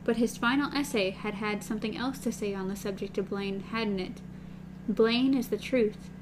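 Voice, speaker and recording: A woman's voice: mid-range voice, fairly quick, noisy background. A woman co-hosting a casual book discussion, recapping and reading passages aloud.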